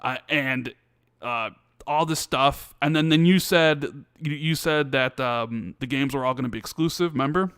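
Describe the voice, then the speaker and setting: A man co-hosting a casual gaming podcast, telling stories with lively acted-out dialogue and many restarts. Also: medium pitch, moderate pace, smooth, no echo, clean studio sound. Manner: animated storytelling, acts out quoted dialogue. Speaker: podcast co-host. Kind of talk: casual chat.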